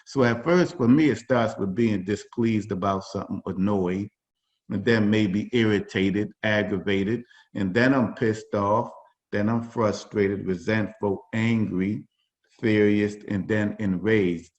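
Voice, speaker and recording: A man with a low voice leads a workshop over a video call. He talks in a relaxed, informal way, with frequent fillers and restarts. The audio is dull and lo-fi. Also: unhurried. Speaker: workshop facilitator. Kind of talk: conversational workshop talk.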